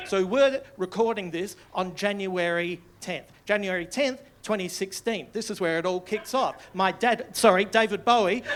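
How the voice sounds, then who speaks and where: An Australian man in his forties performs live stand-up on a comedy club stage, telling stories chattily with frequent tag questions and swearing. His voice is high-pitched and a bit bright, with slight background noise.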